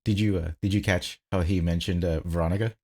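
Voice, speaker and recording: A man co-hosting a podcast in casual film chat, with deadpan sarcasm and stumbling restarts. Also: low voice, quick pace. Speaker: podcast co-host. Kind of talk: casual movie review chat.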